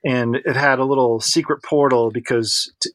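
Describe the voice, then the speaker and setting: A man's voice: medium pitch, fairly even intonation, moderate pace, fairly bright tone, no room sound. Rambling man co-hosting a podcast. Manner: rambling storyteller with fillers. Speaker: podcast co-host. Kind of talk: casual chat.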